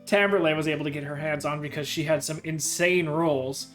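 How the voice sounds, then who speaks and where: Easygoing game master with a higher voice. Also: male voice, fairly even intonation, a little fast, fairly bright tone, soft background music. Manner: easygoing, methodically laying out plans. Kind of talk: casual chat.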